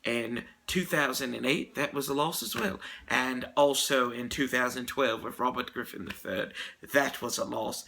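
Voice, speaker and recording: A man's voice: medium pitch, normal speed, gravelly, pushed and bright. A man putting on a mock British broadcaster voice, reading stats in a mock-formal announcer manner.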